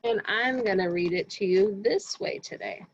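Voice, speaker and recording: A woman's voice: medium pitch, expressive, normal speed, dull audio, a little hiss or hum. A woman teacher giving a reading lesson to young children in an encouraging tone, often asking them questions.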